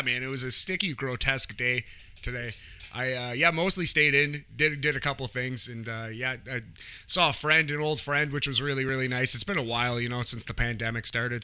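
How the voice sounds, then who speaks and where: Upbeat male co-host with a bright, dry voice. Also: medium pitch, fairly quick, smooth, no echo. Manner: upbeat, rambling, many restarts. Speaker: podcast co-host. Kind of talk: casual chat.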